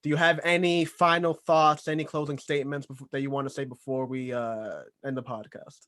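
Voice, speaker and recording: A man's voice: medium pitch, little pitch movement, brisk, fairly bright tone. A man hosting a podcast, effusive in his praise and often stumbling and correcting himself mid-sentence. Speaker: podcast host. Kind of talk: casual interview chat.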